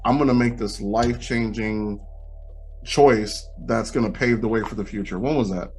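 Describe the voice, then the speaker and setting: A man hosting a podcast, asking his guest questions in a relaxed, encouraging way with casual fillers. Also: lowish voice, normal speed, soft background music. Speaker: podcast host. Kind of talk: casual interview.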